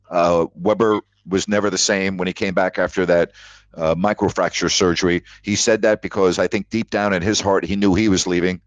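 A man's voice: deep voice, no room sound. A man hosting a call-in sports talk show, telling stories with emphatic repetition. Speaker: sports radio host. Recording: dull lo-fi audio.

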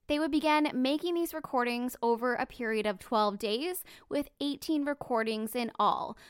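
A woman's voice: a little high, smooth, no room sound, studio quality. A woman hosting a true crime podcast, telling the story bluntly and emphatically, swearing casually.

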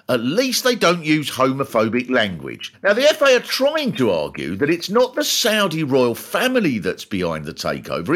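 Sardonic man with a swooping voice. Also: a bit bright. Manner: sardonic, swoops in pitch for punchlines. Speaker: comedian and podcast host. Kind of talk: scripted comic monologue.

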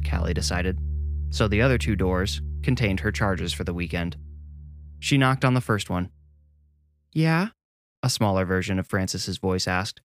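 A man reading a scripted horror story in a measured, deliberate way. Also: deep voice. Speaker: narrator.

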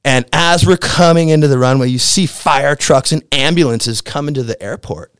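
A man's voice: a little high, moderate pace, clean tone, no echo, studio quality. Slangy laid-back man from the Midwest. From American Midwest. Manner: laid-back, slangy, animated when excited. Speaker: podcast guest. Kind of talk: casual storytelling.

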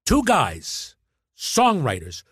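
A man, a guest actor, telling stories in casual chat, animated, repeating words and acting out quotes. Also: fairly high pitch, drawn-out words, slightly rough, no echo, studio quality.

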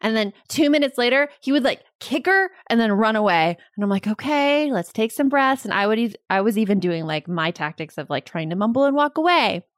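Woman podcast co-host, animated casual chat, lively intonation, dry recording. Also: medium pitch, fairly quick, few pauses, no room sound. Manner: animated, chatty, laughs often.

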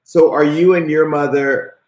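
A man hosting a casual interview, relaxed and quick to laugh. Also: fairly high pitch. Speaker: host. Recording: roomy echo.

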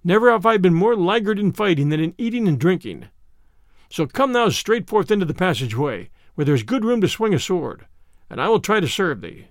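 A man voicing a hearty, bold outlaw who talks in a booming, merry way in a storybook reading. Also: sing-song, a little fast, no echo, studio quality.

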